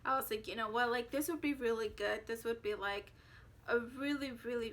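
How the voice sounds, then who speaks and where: A woman's voice: a little high, a bit bright. A young woman vlogger casually telling a personal story, chatty and full of fillers as she quotes herself.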